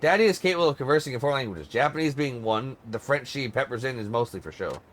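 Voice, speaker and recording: A courteous male secretary and bodyguard, read by a man in his own voice, explaining things in a formal, measured manner. He sounds like a game character voiced during a read-along. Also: mid-range voice, animated, a bit bright, slight background noise, close to an everyday voice.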